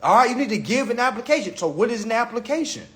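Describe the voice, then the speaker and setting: A man lectures his phone livestream in a casual rant, swearing, mocking, and repeating himself. His very high voice has wide pitch swings, a fast pace, and a fairly bright tone.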